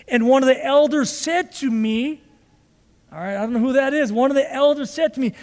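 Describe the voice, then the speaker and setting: A man's voice: very high voice, brisk, darkish tone. A male pastor preaching a sermon, emphatic and fond of repeated rhetorical questions. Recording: long hall reverb.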